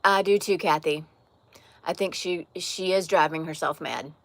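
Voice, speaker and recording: Speaking to her livestream viewers from an outdoor porch, this woman has a slight Southern accent and a fairly bright, steady voice on the low side, delivered a little slowly with no echo. She responds frankly and candidly to their comments, frequently restarting sentences and leaving phrases trailing.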